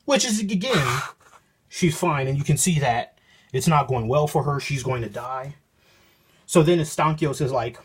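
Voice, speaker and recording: A man with a husky, slightly breathy voice talks through a comic issue in a loose, rambling way. He paraphrases the dialogue and stops himself mid-thought. He records on a phone. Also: medium pitch, expressive, measured pace. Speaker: comic book reviewer. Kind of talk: casual spoken review, reading panels aloud.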